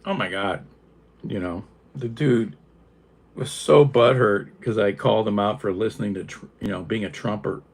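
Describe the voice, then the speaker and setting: An older man from Northeast Ohio with a flat Northeast Ohio accent, chatting casually with live viewers, wry and sarcastic, chuckling as he rambles. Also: on the low side, normal speed, creaky, slightly rough. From Northeast Ohio, USA.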